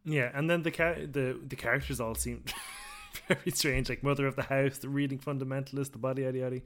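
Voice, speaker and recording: A man hosting a podcast, relaxed and easygoing as he steers the chat onto the next topic. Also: mid-range voice, brisk, a little hiss or hum. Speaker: podcast host. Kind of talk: casual chat.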